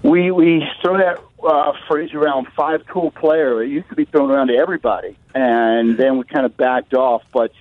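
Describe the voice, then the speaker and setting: A man's voice: medium pitch, steady tone, normal speed, few pauses, dry recording. A middle-aged man, a baseball play-by-play announcer, calling in to a radio show and chatting in an easygoing, joking way. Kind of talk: casual radio chat. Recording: tinny phone line.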